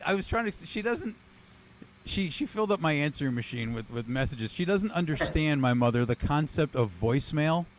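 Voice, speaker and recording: A male comedian works through a wisecracking, self-deprecating stand-up set, voice sitting fairly high. He performs over a video call. Steady noise runs under the audio. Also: normal speed. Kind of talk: stand-up routine.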